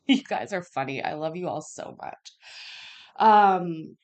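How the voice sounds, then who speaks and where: A woman's voice: on the low side, measured pace, darkish tone. Chatty rambling woman hosting from her kitchen. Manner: rambling, chatty, acts out quotes. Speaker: channel host. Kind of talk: casual chat with viewers. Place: home kitchen.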